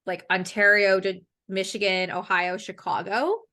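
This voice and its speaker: A woman's voice: mid-range voice, flat delivery, normal speed, pushed and bright. A young woman from Canada hosting a podcast interview, chatty and casual, swearing freely and laughing often. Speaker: podcast host.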